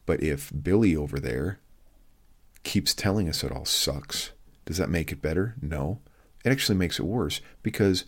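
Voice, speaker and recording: A man hosting his own podcast, talking plainly and casually with a wry, folksy manner. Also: sits low. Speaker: podcast host. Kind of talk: casual solo podcast talk.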